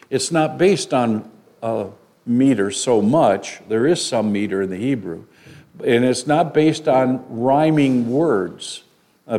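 An older man gives a teaching sermon in a plain, mid-pitched voice. He talks conversationally, often pausing on fillers and restarting his sentences. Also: a little mellow. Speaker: Bible teacher.

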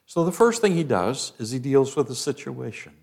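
A male preacher delivering a sermon, dramatically acting out the voices of the people in his story, swinging from loud cries down to hushed words. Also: mid-range voice, sing-song, moderate pace, gravelly.

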